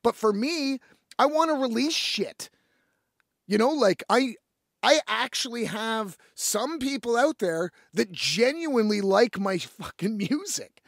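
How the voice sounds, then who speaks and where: A man's voice: extremely high pitch, measured pace, gravelly, no echo, clean studio sound. A man hosting a podcast, telling a story in casual, profane talk and acting out the other people's lines. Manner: profane, animated, acts out quoted voices. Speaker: podcast host.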